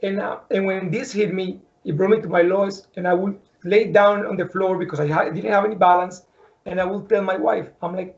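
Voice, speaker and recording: A man's voice: high voice, steady tone, brisk, creaky, lo-fi sound. A man hosting an interview, talking earnestly and restarting his words often. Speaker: podcast host. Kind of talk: emotional interview conversation.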